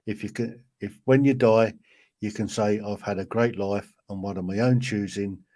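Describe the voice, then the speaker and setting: A man's voice: lowish voice, fairly even intonation, moderate pace, dark tone, dry recording. A man hosting a podcast, speaking casually and offering brief, encouraging affirmations. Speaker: podcast host. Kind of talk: casual conversation.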